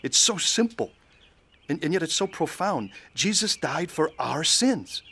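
A man's voice: on the high side, sing-song, measured pace, sharp tone, husky. A man narrating his own faith testimony in an earnest, pleading way and acting out the scenes. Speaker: narrator of his conversion story.

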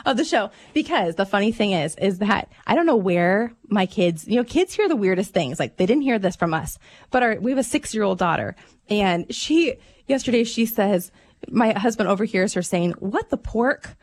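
Radio host woman, chatty and animated. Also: medium pitch, normal speed. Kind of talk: call-in radio chat.

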